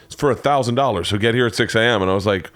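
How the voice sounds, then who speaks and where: A man's voice: medium pitch, rapid-fire, fairly bright tone, no room sound. A man hosting a podcast in casual chat, rambling through a story and acting out both sides of the conversations he quotes. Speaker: podcast host.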